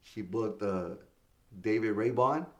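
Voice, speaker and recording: A man's voice: lowish voice, slow. A middle-aged man, a stand-up comedian guest, telling casual stories in an interview, acting out quoted voices and swearing freely. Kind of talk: casual storytelling in a podcast interview.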